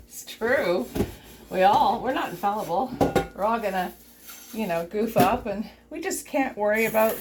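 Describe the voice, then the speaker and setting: A woman's voice: mid-range voice, very noisy. A middle-aged woman vlogging while she cleans her kitchen, chatting in a rambling, giggly way. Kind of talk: casual chat while cleaning. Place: home kitchen. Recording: dish clatter in a kitchen. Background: clattering dishes and cutlery.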